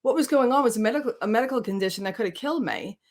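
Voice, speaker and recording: Expressive woman host, fairly high voice. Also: rapid-fire. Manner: expressive, laughs often, emphatic. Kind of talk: casual interview talk.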